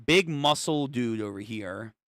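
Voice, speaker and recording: Young guy streaming a manga reaction, swears a lot, bright voice, dry mic. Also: medium pitch, lively intonation, measured pace, dry recording. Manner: casual and profane, reacting out loud.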